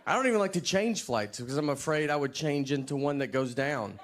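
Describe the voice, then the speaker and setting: A comedian telling stand-up stories in a slow, deadpan drawl. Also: male voice, a little high. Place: live venue with audience. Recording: live audience noise.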